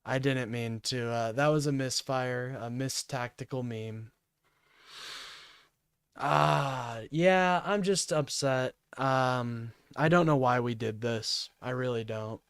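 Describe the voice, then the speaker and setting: A man's voice: mid-range voice, slow pace, fairly bright tone, smooth, dry recording, studio quality. A man hosting a livestream, ranting in an agitated, profane way and apologizing often.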